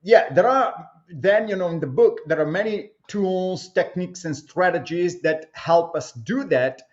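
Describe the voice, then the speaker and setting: A man being interviewed as an author, answering in a measured way with pauses and fillers, on dull lo-fi remote audio. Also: sits high, a little mellow.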